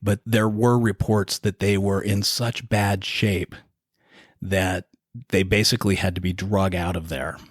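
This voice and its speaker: A man co-hosting a podcast, casually retelling a dark historical story in a relaxed, conversational way. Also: sits low, measured pace, dry recording, clean studio sound. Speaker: podcast co-host.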